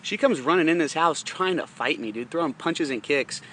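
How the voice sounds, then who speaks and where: A man's voice: on the high side, moderate pace, fairly bright tone, a little hiss or hum. A young man telling a long personal story in a rambling, profane, casual way, often laughing mid-sentence. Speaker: podcast host.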